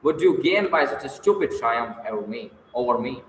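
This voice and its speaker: A man's voice: medium pitch, lively intonation, brisk, close to an everyday voice. Tormented, despairing young man read by a man, intense and bitter, with an echoey distant sound and faint hiss.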